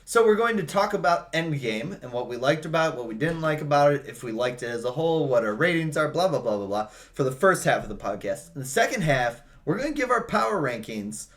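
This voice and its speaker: A man's voice: a little high, very animated, fairly quick, hardly any pauses, fairly bright tone. A young man hosting a casual podcast chat among friends, joking and laughing often. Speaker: podcast host.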